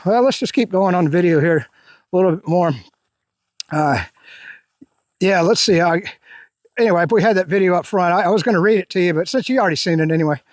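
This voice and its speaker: A man's voice: sits high, fairly quick, long pauses, no echo. A man from the United States reading a political article aloud on an evening walk outdoors. He rambles off into asides and turns emphatic when he reads. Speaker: political commentary vlogger.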